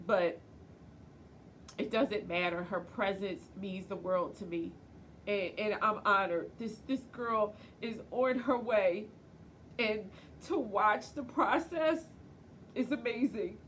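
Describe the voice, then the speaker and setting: A mother in her forties talks straight to the camera in a personal video diary. She is emotional and near tears, and her voice sits at an ordinary middle pitch. She speaks tenderly and from the heart, with a faint hum of noise behind her. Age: 40s. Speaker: vlogger and mother.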